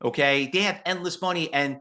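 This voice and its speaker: A man teaching a live trading webinar, talking in an animated, rambling way and slipping into quotes along the way. His voice sits a little high for a man and has a bright, forceful edge. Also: fairly quick. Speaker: trading educator.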